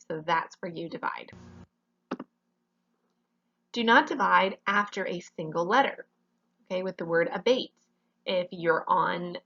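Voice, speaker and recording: Lady teacher going over grammar rules slow and patient, lowish voice, kinda dull lo-fi sound. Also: creaky, sharp tone. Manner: patient, explains step by step, often checks in with "okay?". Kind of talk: classroom grammar lesson.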